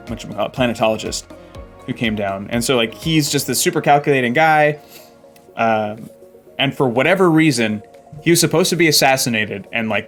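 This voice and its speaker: A man's voice: mid-range voice, fairly bright tone. A man hosting a casual book club chat, summarizing chapters and reading passages aloud, with frequent ums and likes. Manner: chatty, reads quotes aloud with playful voices, frequent ums.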